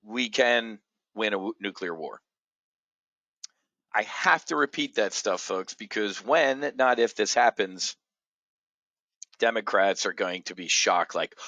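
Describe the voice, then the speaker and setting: A man hosting an opinionated market commentary show, blunt and combative, jumping from loud outbursts to low muttering. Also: expressive, a little slow, long pauses, no echo. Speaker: options trading show host.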